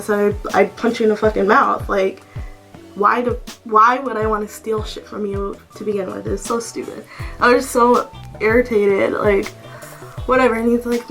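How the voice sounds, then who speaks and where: A young woman telling a storytime vlog as a casual rant, animated and full of swearing and "like" fillers. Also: a little high, normal speed, gravelly, soft background music, rough recording. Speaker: vlogger. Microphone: camera mic.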